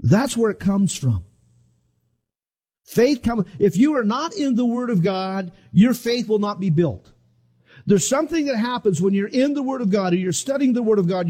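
A middle-aged male pastor preaching with dramatic swings, acting out the people in his story as he goes. His voice sits high and sounds husky, with a mellow, dark tone. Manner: dramatic, acts out voices of the disciples. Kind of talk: sermon.

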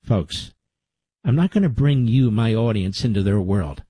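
A man's voice: lowish voice, lively intonation, moderate pace, dark tone, breathy edge, dry recording. A middle-aged man hosting a talk radio show, delivering a combative, conversational monologue with sarcastic asides into a studio microphone.

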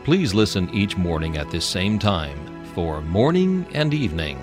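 A man reading a scripted devotional meditation in a solemn, measured, preacherly way. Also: low-pitched, very animated, over loud music. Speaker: devotional reader.

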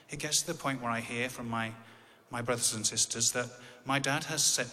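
A man's voice: medium pitch, sharp tone, in a large hall. An English man telling a personal story in a conversational way with dry, wry humor. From England.

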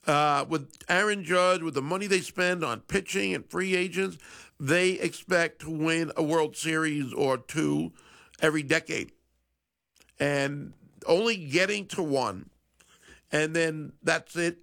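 A man's voice: fairly high pitch, unhurried, vocal fry, a bit bright. A middle-aged man hosting a sports talk show, chatting casually and wryly, sometimes correcting himself mid-sentence. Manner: chatty, self-correcting, wry. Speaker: sports radio host.

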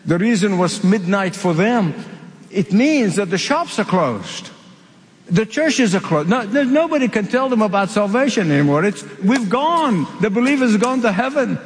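Man, from the Middle East, preacher, emphatic sermon, repeats phrases, high-pitched, long hall reverb. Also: sing-song, normal speed.

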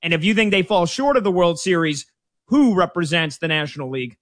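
A man's voice: high voice, expressive, fairly quick, a bit bright, no room sound, clean studio sound. A man hosting a radio sports betting show, breezy and joking as he plugs his guest. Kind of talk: casual radio sports talk.

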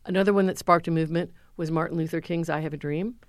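A middle-aged woman, a former speechwriter and lecturer, answering interview questions and telling lively stories. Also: deep voice, quick pace, dry recording, studio quality. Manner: animated storyteller, acts out quotes.

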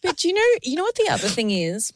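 A woman's voice: sits high, very animated, fast, no echo, studio quality. A woman in her late thirties talking candidly and emotionally in casual podcast chat. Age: 30s. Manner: open and emotional, laughs through tough topics. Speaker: podcast co-host.

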